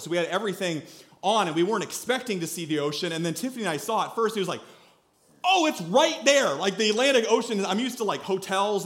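Animated high-voiced male pastor. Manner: animated storyteller, acts out quotes loudly. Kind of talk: sermon with a personal story. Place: church.

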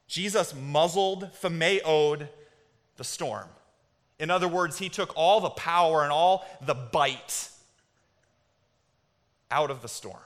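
A man preaching a sermon as pastor, moving between hushed and loud, excited storytelling, and asking the congregation to repeat words. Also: on the high side. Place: church sanctuary. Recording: long hall reverb.

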